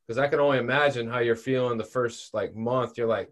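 Rambling male interviewer, mid-pitched. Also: brisk. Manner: rambling, repetitive questions. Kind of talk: casual interview questions.

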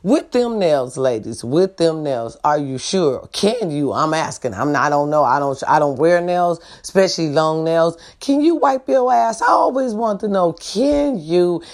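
This woman vlogger's casual rant is blunt and profane, punctuated by repeated questions asking viewers if they understand and agree. She talks at normal speed with hardly any pauses, her voice low and animated.

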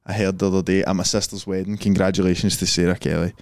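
A young Scottish man with a lowish voice, rambling through casual stories with frequent laughter. The sound is close and dry, with no room echo. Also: flat delivery, quick pace. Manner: laughs often, rambling storyteller. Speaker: podcast co-host. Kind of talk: casual chat.

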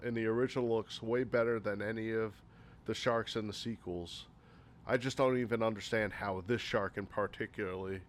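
A man reviewing movies in a casual list format, rambling and exasperated, with lots of filler words. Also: lowish voice.

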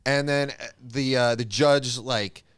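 A man telling a long story in casual chat, deadpan, breaking into laughs. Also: mid-range voice, slow pace, clean tone, no room sound.

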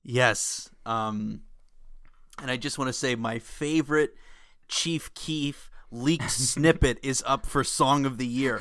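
Man, podcast co-host, slow unhurried talk, dry close sound, deadpan jokes. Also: medium pitch, clean tone, no echo. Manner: jokey, deadpan bits. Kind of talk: casual podcast chat.

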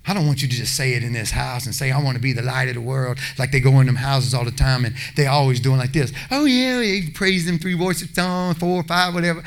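A man's voice: medium pitch, animated, fairly quick, gravelly, few pauses. A man preaching a passionate sermon, acting out little voices as he goes.

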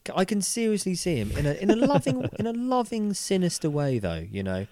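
Animated man, swearing football chat. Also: high voice, a little fast, dry recording. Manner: animated, laughing, swearing, lively mock voices. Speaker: football podcast co-host. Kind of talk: casual chat.

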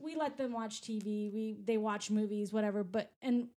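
A woman's voice: medium pitch, moderate pace, dark tone. A woman in casual chat, a fellow parent who mostly listens and agrees, then shares her own view. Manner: supportive listener, frequent agreement.

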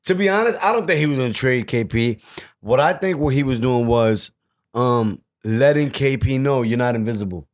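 A young New man trading rough, profane banter as a podcast co-host. He rambles, stops and restarts his sentences. His voice sits at an ordinary middle pitch for a man. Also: normal speed. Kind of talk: casual chat.

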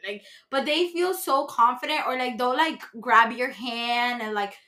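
A young adult woman chatting bluntly as a podcast guest, animated and quick to swear. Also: on the high side. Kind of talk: casual podcast chat.

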